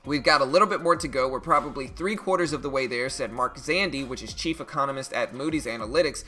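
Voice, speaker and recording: A man hosting a casual day-trading live stream, reading market news and reacting to stocks in a chatty, animated way. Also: mid-range voice, fast, faint music behind.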